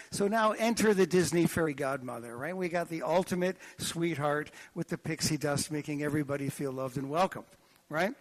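Animated, joking male preacher with a slightly high voice. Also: normal speed. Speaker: pastor. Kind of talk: sermon with anecdotes.

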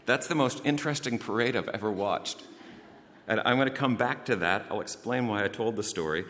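A man preaching a sermon, telling a story in a lively way and praying in a hushed voice. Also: on the low side, brisk. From outside the United States. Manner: lively anecdotal delivery, hushed in prayer. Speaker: pastor. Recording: long hall reverb.

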